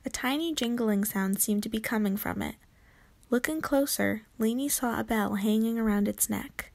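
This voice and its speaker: A woman narrating a children's chapter book aloud in a gentle, clear storytelling manner. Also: fairly high pitch, moderate pace.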